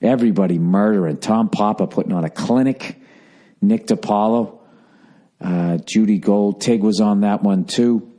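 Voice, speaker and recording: A man hosting a casual solo podcast from his home in the early morning, rambling and profane, keeping his voice hushed so he won't wake the house. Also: on the low side, moderate pace. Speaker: podcast host.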